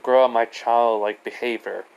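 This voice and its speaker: A man's voice: medium pitch, steady tone, moderate pace, creaky, darkish tone, clear, resonant tone, lightly acted, low-quality recording. Cheeky young hedgehog hero, a man reading it, eager and inquisitive.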